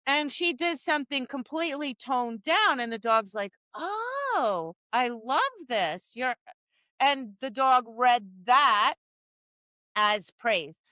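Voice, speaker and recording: A woman dog trainer co-hosting a podcast, chatting casually. Her voice is bright and a touch high. She tells animated stories full of acted-out quotes, and the close mic sounds dry. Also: slow pace, dry recording. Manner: animated storytelling with acted-out quotes, many restarts. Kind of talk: casual chat.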